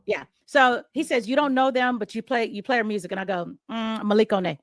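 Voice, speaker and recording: A middle-aged woman, a radio host, telling a story in an interview and acting out the dialogue with big jumps in pitch. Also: brisk, no echo, clean studio sound. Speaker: radio host and podcast guest.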